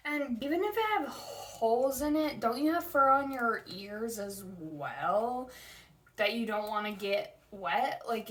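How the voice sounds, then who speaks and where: Sarcastic, slow-talking young woman. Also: on the high side, recorded from a distance. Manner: sarcastic, exasperated, jumps between mock voices and asides. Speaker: host reviewing a picture book. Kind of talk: comedic book review.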